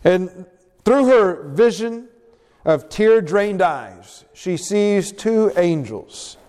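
A man delivers a sermon in a church sanctuary, his voice sitting a bit high for a man. He reads scripture with dramatic, swelling emphasis. The sound rings with a long reverb from the hall. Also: drawn-out words. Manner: dramatic, expressive Bible reading with rising emphasis. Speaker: preacher.

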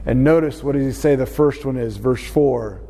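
A man teaching a Bible class in an unhurried way, often pausing with "uh" fillers. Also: medium pitch, vocal fry, dark tone. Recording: long reverb in a hall.

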